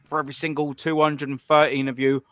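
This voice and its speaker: A man's voice: fairly high pitch, flat delivery, quick pace, no room sound. Blunt, profane man ranting. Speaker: live stream host. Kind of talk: ranting call-in stream commentary.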